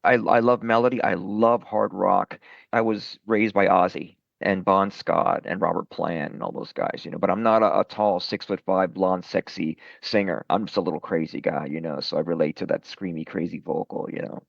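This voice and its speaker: A middle-aged man with a low, gravelly voice talks about his singing career in a loose, rambling way, often putting himself down. The sound is dull and lo-fi, with no room echo. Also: fairly even intonation, moderate pace. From Brooklyn, New York. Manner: rambling, self-deprecating, many fillers. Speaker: rock singer, guest. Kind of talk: casual interview chat.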